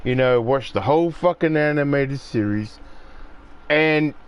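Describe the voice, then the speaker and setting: A man ranting casually and profanely as he plays, his voice jumping high when he gets riled up. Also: measured pace, slight background noise. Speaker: gaming streamer. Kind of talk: casual rant while playing.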